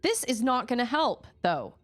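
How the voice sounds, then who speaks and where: This woman's slightly high voice swings widely in pitch at a normal speed as she streams a game from home. She keeps up a casual, chatty flow, broken by sudden surprised yelps.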